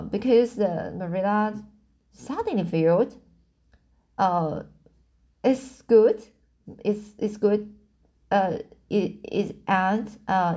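Woman reading aloud, slow and halting. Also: mid-range voice, dark tone. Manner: halting, with restarts and self-corrections. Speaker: reader of a novel aloud. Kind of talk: slow read-aloud with commentary.

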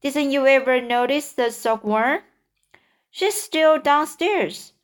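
A woman voicing an old male grasshopper, lively and persuasive, in a storybook reading. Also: high voice, slow pace, voice pushed up. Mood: eager. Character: old green male grasshopper, wise, sharp.

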